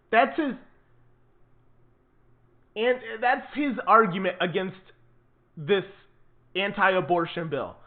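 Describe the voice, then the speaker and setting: A man's voice: sits high, lively intonation, unhurried, long pauses. A man hosting his own political commentary show, talking in an indignant, emphatic way and repeating words for stress. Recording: tinny phone-like sound.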